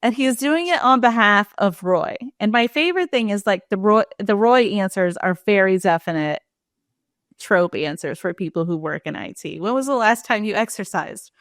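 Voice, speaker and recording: A woman in casual podcast chat, her voice in the middle register. She retells scenes with lively energy and leaps high in pitch when she quotes characters. The sound is dry and close to the mic. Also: normal speed, dry recording. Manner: animated retelling, acts out quoted lines with big pitch jumps. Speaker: podcast co-host.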